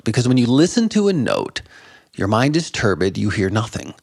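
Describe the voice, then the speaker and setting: A man in his fifties, a guest in an interview, telling animated stories about meditation and laughing often. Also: medium pitch, moderate pace, creaky, no echo, clean studio sound. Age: 50s. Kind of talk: conversational interview.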